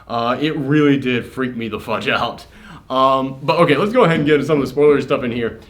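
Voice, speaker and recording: Male film reviewer, mid pitch, chatty spoiler recap, animated delivery with filler words and swearing. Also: a little fast. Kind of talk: casual spoiler review chat.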